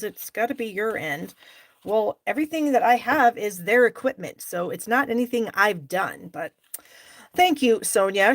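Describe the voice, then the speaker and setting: A middle-aged woman hosts a live stamping class, chatting with viewers by name and openly frustrated with her own mistakes as she demonstrates the craft. Her voice is mid-range, recorded at studio quality without echo.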